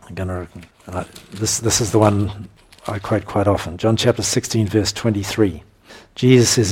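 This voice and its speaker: A man preaching a sermon, teaching through scripture verses in an emphatic style, breaking into animated bursts and chuckles. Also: on the low side, moderate pace, hardly any pauses, slightly rough.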